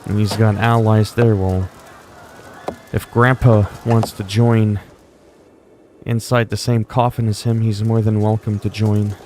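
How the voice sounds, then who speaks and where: A man's voice: fairly low pitch, little pitch movement, measured pace, a little mellow, slight background noise. A man casually commenting while streaming a strategy game, brash and profane, slipping into mock-regal lines. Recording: faint game music behind.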